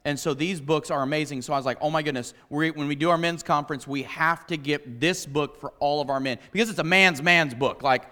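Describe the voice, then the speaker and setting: A man, a pastor, preaching alongside his wife and telling animated stories that act out his own reactions. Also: fairly high pitch, a little fast, few pauses, long reverb tail. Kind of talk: sermon shared with his wife.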